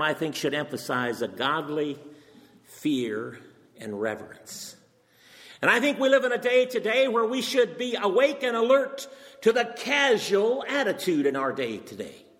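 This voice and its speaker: A man's voice: sits high, pushed and bright. An older man preaching a sermon, earnest and emphatic, firing off rhetorical questions. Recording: long reverb from a hall.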